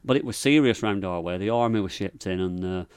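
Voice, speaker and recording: Podcast guest: middle-aged Lancashire man, low-pitched, rambling and dry. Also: brisk, clear, resonant tone. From England. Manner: rambling, dry storyteller with northern dialect. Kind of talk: casual chat.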